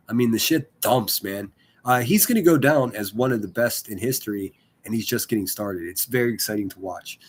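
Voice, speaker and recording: A man's voice: fairly low pitch, husky. A man chatting casually on a live stream, rambling and swearing, full of fillers and restarts. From Pittsburgh area.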